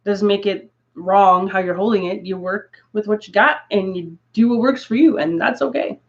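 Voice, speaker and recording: A Canadian woman with a mid-range voice chats casually to viewers on a craft livestream at normal speed. She rambles through asides and laughs often, and the stream audio sounds dull and lo-fi.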